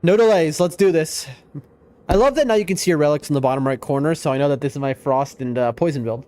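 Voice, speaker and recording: A man live-streaming a video game, chatting excitedly with his viewers. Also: on the high side, quick pace. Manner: excitable, chatty, talks to chat. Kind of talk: live gameplay stream chat.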